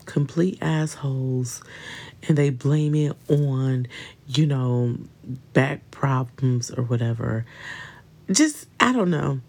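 A woman hosts a casual podcast on her own, speaking in a low, warm voice. She talks informally and directly to her listeners, with lots of fillers and asides aimed at them.

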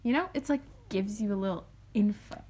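A woman's voice: mid-range voice, fairly quick, warm tone, a little hiss or hum. A young adult woman co-hosting a podcast, chatting playfully and swearing casually. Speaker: podcast co-host. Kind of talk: casual chat.

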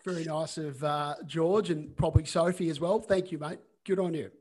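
A man's voice: a little high, fairly even intonation, moderate pace, a little mellow. A man hosting a casual video-call podcast, chatty and full of fillers. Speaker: podcast host.

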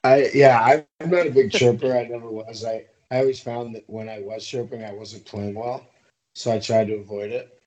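A man's voice: mid-range voice, normal speed, poor audio. Laid-back man, guest in casual chat. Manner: relaxed, swears, laughs at own stories. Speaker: podcast guest, amateur hockey player.

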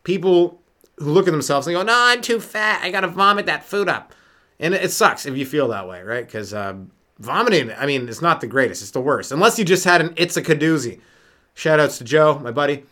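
Hosting a solo comedy podcast on no sleep, a stand-up comedian speaks a little fast in a higher, fairly bright voice with lively intonation. He rambles and riffs, leaning on fillers, and his voice jumps suddenly.

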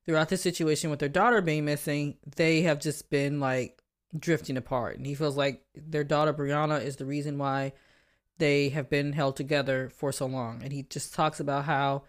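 A woman's voice: low-pitched, steady tone, normal speed. A woman co-hosting a casual podcast, animatedly retelling film scenes and laughing often. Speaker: podcast co-host. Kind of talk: casual film-discussion chat.

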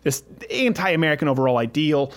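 A man's voice: fairly high pitch, a little fast. A man hosting a casual political talk show, talking in a sarcastic, rambling way with frequent restarts. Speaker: podcast host.

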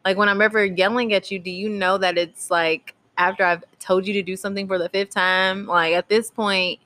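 A woman's voice: medium pitch, steady tone, moderate pace, sharp tone. A woman, chatting candidly as a podcast co-host and telling stories with a laugh. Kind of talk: casual chat.

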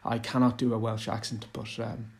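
A man's voice: fairly low pitch, level tone, moderate pace, gravelly. A man giving a rambling casual monologue on running tabletop games, hesitant with many fillers and restarts. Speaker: tabletop game commentator.

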